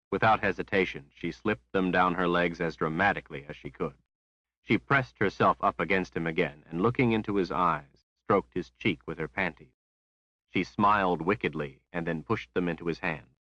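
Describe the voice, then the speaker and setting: A deep-voiced male narrator reading a fantasy novel in a measured, even way. The recording is dry and somewhat muffled. He keeps a steady storytelling pace. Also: dry recording. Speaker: audiobook narrator. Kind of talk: scripted narration.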